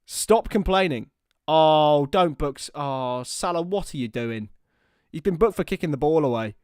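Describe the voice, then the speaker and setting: A young man giving live partisan football commentary on a watchalong stream, excitable and prone to shouting. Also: fairly high pitch, measured pace, smooth, no echo, clean studio sound.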